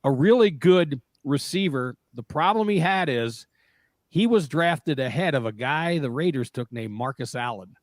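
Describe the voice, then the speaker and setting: A fairly high-voiced man co-hosting a radio talk show who tells sports stories and ribs the host. His voice is dry and close-miked. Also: expressive, normal speed, dry recording. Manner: storytelling, teasing. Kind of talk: casual radio banter.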